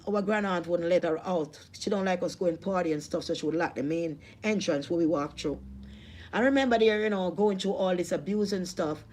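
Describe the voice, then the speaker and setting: A woman's voice: on the low side, darkish tone, slight background noise. A woman with a Jamaican accent telling a personal testimony, emotional and repetitive, with religious appeals. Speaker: vlogger.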